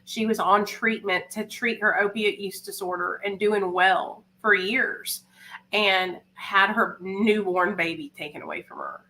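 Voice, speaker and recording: A woman's voice: medium pitch, animated, a little slow, pushed and bright, low-quality recording. A young woman hosting a livestream, talking candidly and emotionally, rambling with fillers. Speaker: livestream host. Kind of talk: casual livestream talk.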